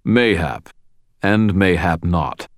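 A man voicing a huge growling fae gruff. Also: sits low, slow pace, no echo, studio quality. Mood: menacing formal. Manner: formal archaic speech, growling. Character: huge gruff fae giant, archaic, rumbling.

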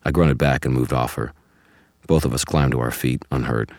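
Brief: male first-person audiobook narrator, wry and measured, dry close sound. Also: a bass voice, fairly even intonation, a little mellow, no room sound.

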